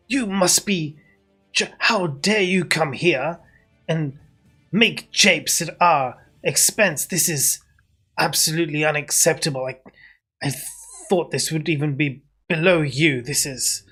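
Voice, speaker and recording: A man's voice: fairly high pitch, sing-song, a little slow, long pauses, breathy edge, faint music behind, heavily acted. A man voicing an indignant townsman who sputters with outrage and scolds. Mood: outraged. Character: indignant male townsman directing the loading.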